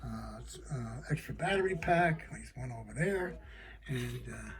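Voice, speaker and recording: A man's voice: mid-range voice, expressive, a little slow, crowd noise. Rambling man explaining puppetry. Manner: rambling, many fillers and restarts. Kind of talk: casual how-to explanation.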